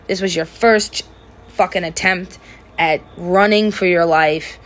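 A young adult woman hosting a podcast, telling candid, profane stories in a casual monologue and often breaking into loud laughter. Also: fairly low pitch. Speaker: podcast host.

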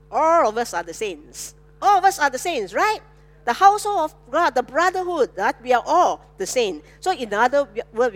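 A woman pastor, preaching a sermon with animated call-and-response to her congregation. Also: high-pitched.

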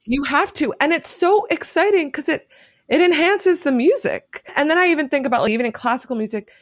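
A woman's voice: high voice, lively intonation, a little fast, no room sound, studio quality. A woman jazz musician talking enthusiastically as an interview guest, rambling with lots of "like"s. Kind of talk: casual interview talk.

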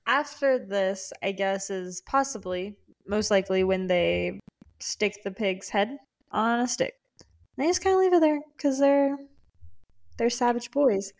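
A woman's voice: mid-range voice, measured pace. Wry woman recapping a novel. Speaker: podcast co-host. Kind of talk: casual book chat.

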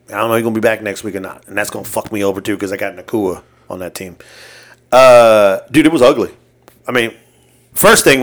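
A man co-hosting a casual sports podcast, swearing a lot, excitable and laughing often. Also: medium pitch. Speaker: podcast co-host.

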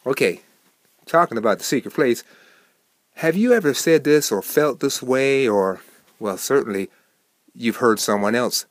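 A man hosting a short devotional program, preaching with lively swings between soft and emphatic delivery. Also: mid-range voice, a little slow, pauses often, no echo, clean studio sound. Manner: animated, swings from soft to emphatic, acts out quoted people.

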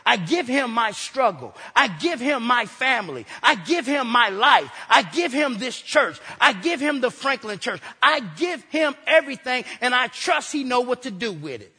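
Male pastor, high bright husky voice, fired-up repetitive preaching in a reverberant church hall. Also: moderate pace, few pauses. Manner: excitable, repetitive call-and-response preaching. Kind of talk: energetic sermon. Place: church sanctuary.

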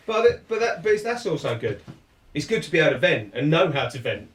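A man's voice: fairly high pitch, big pitch swings, quick pace. A man hosting a podcast, talking earnestly in casual chat with many restarts. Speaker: podcast host. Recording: echoey room, mic at a distance.

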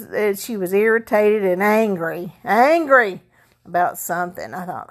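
A woman's voice: mid-range voice, sing-song, a little slow. A woman vlogger chatting casually about her holidays, rambling with many fillers and restarts. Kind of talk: casual chat.

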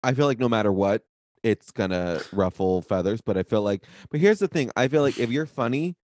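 A man's voice: fairly low pitch, lively intonation, fairly quick, a little mellow. A man co-hosting a podcast, chatting in a gossipy way and laughing often. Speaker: podcast co-host. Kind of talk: casual chat.

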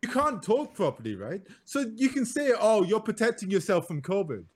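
A man's voice: sits high, normal speed, breathy edge. A man who is a doctor, chatting on a podcast and telling an anecdote with laughter. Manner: animated, laughing storyteller. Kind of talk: casual chat, anecdotal storytelling.

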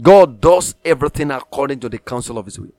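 A man's voice: medium pitch, expressive, fast, darkish tone, dry recording, clean studio sound, soft background music. A man preaching a sermon, emphatic, repeating phrases for stress and reading scripture aloud in old-fashioned wording.

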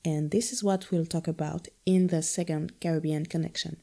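A woman's voice: sits low, steady tone, normal speed, gravelly, warm tone. A young adult woman from Guadeloupe, talking reflectively and casually about a film with playful asides. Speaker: film discussion host.

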